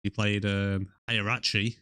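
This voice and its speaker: A man's voice: fairly low pitch, flat delivery, measured pace, bright, forceful tone, clear, resonant tone, no room sound, studio quality. A man from Britain, co-hosting a casual movie review podcast, laughing often and keeping it loose. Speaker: podcast co-host.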